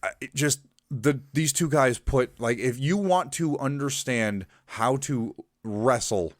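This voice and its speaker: Excitable American man co-hosting a podcast. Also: medium pitch, slow pace, dry recording, studio quality. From United States. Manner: excitable, swears, rambling restarts. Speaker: podcast co-host. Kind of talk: casual chat.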